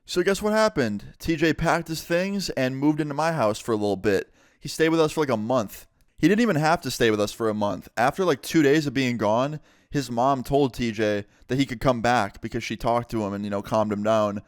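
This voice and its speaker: A young man telling a casual, profanity-laced story-time vlog in an animated way. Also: medium pitch, a little fast, smooth, no room sound, clean studio sound. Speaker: vlogger.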